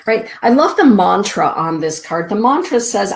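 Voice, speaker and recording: A middle-aged woman hosting a spiritual show, giving card readings to listeners in a soft, slow, drawn-out inspirational way. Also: on the high side, sing-song, vocal fry. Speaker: show host and card reader.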